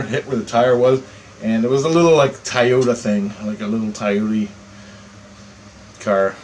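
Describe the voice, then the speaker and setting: A man telling a personal story in a casual monologue, animated and profane, chuckling between lines. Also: medium pitch, slight background noise, poor audio. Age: adult.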